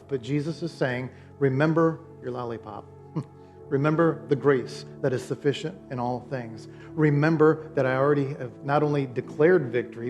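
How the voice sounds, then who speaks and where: A man preaching a sermon as pastor, telling stories and repeating phrases as he makes his point. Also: fairly high pitch.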